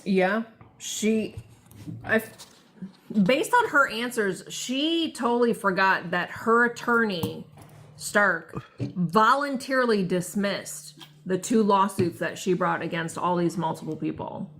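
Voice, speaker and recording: Woman, unhurried, measured, co-host, casual chat. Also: mid-range voice, a bit bright.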